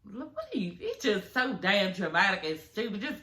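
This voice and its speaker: A woman doing an animated, profane, laughing recap of a reality show in casual chat. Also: mid-range voice, normal speed, roomy sound. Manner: animated, cussing, laughing often.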